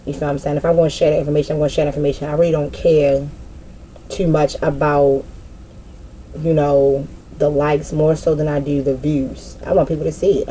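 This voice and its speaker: A woman gives a casual spiritual card reading, loose, profane and full of slang. Her voice sits a little low and sounds warm and mellow. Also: a little hiss or hum. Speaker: tarot reader.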